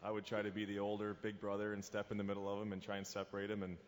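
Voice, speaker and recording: A man's voice: lowish voice, completely flat delivery. A man, a hockey player on a fan panel, telling a casual story in an easygoing way with a chuckle. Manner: easygoing, chuckling, quick talker. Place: stage in a large convention hall. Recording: reverberant hall with ambient noise.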